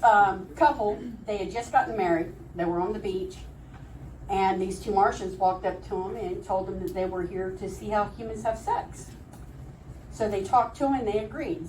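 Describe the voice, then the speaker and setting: A woman's voice: medium pitch, a little mellow, recorded from a distance, slight background noise. A woman telling jokes at an open mic comedy night, rambling and laughing at her own punchlines. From Florida, USA. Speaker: stand-up comedian. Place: comedy club stage. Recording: echoey room recorded from afar.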